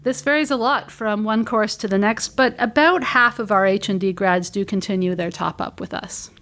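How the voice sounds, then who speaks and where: A woman's voice: mid-range voice, moderate pace, fairly bright tone. A middle-aged Canadian woman, a guest on a podcast interview, explaining things in a friendly way with many fillers. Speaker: head of marketing, interview guest.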